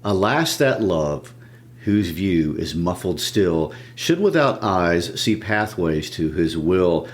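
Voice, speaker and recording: A man's voice: deep voice, big pitch swings, takes it slowly, heavily acted. A man reading the lines of a brooding, lovesick young male noble from a play.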